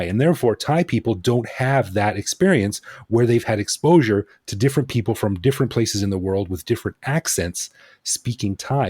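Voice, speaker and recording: A man with a fairly low voice hosts a casual podcast conversation. He sounds relaxed and reflective and makes wry, self-deprecating remarks. The close mic gives a dry, dead sound. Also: husky, no echo. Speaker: podcast host. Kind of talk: casual interview chat.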